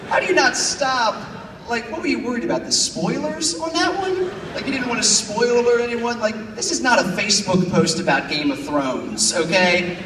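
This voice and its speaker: A young man performing a stand-up comedy set before a big crowd, animated and bursting into shrill shouted voices for his bits. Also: a little hiss or hum. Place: large campus auditorium before a crowd. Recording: echoey hall recorded from far off. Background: audience laughter.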